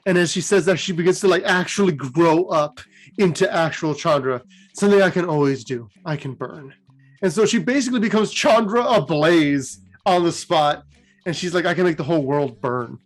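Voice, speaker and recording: Man voicing a defiant fire mage woman, quiet resolve. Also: on the high side, normal speed, close to an everyday voice.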